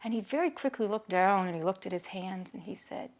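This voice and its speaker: A middle-aged woman with a gravelly edge to her voice speaks at a middle pitch. She talks conversationally as a school behavior consultant, slipping into quoted dialogue as she tells stories. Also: fairly quick, darkish tone. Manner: conversational, acts out dialogue in anecdotes. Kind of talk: talking-head teaching video.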